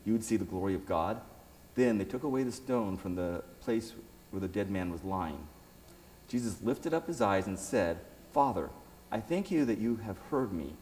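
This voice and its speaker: A man reads scripture aloud in a low, mellow voice, breaking off now and then for casual remarks. His voice rings with a long reverb, as if in a large space. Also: animated, moderate pace, a little hiss or hum. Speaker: Bible teacher. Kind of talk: reading scripture with commentary.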